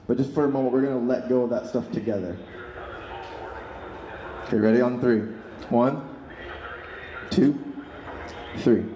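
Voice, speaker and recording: A man leading a protest crowd through a calm, guided emotional exercise. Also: mid-range voice, a little hiss or hum. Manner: calm, coaching, measured. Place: outdoor street protest. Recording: echoey outdoor PA, crowd behind.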